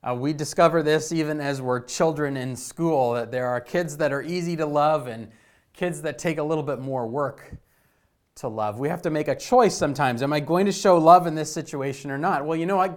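Middle-aged guy pastor giving a sermon, storytelling, gets loud then goes soft. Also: fairly high pitch. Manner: storytelling, dynamic swings between emphatic and hushed.

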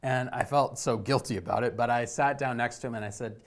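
A middle-aged man preaching a sermon as a pastor, telling stories with swings between emphatic lines and hushed ones. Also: medium pitch, a little fast, hardly any pauses.

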